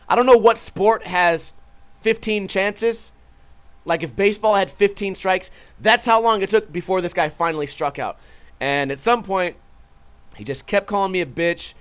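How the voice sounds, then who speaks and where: A young man hosting a vlog and telling a story, swearing freely and animated, acting out the lines of the others. His speaking voice sits a bit high for a man. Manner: profane, animated retelling with quoted voices. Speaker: vlog host. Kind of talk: casual storytelling.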